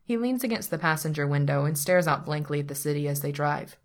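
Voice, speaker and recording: A woman narrating a story aloud in an even, unhurried manner. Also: low-pitched. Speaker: story reader. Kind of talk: reading fan fiction aloud.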